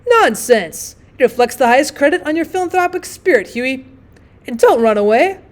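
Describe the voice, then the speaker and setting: A woman voicing a jovial young male painter who talks in a booming, emphatic way. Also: lively intonation, fairly quick.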